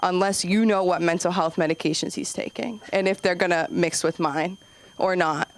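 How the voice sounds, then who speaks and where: A woman's voice: on the low side, steady tone, normal speed. Self-deprecating stand-up comedian woman. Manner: self-deprecating, rambling asides. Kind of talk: stand-up set.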